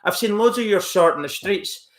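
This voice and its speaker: A man's voice: sits high, animated, moderate pace, a bit bright. A man live-streaming from home, rambling casually as he reacts to chat messages and mocks a troll. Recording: roomy echo.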